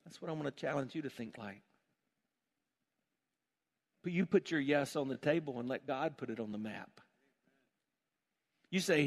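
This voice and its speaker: A man's voice: medium pitch, moderate pace, vocal fry, long pauses. A man preaching a sermon as pastor, building to emphatic calls and asking the congregation to repeat phrases.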